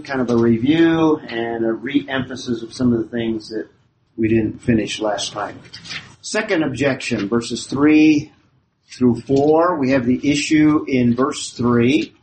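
A man's voice: mid-range voice, a little mellow, slight background noise, poor audio. A man teaching a Bible study class, explaining a passage and asking rhetorical questions of his listeners.

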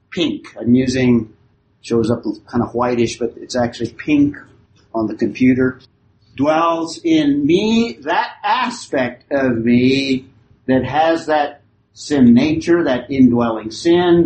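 A man teaching a Bible class verse by verse, in a measured, explanatory way that keeps restating his points. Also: medium pitch, darkish tone, a little hiss or hum, low-quality recording.

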